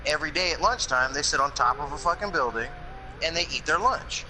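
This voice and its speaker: A man casually telling crude jokes to friends over voice chat, loud and full of swearing. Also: a little high, expressive, a little fast, background noise.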